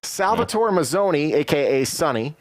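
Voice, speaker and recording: A man's voice: on the high side, sing-song, moderate pace. A man hosting a casual live show, reading news items aloud with playful asides. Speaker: radio and TV show host. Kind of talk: casual live-stream chat.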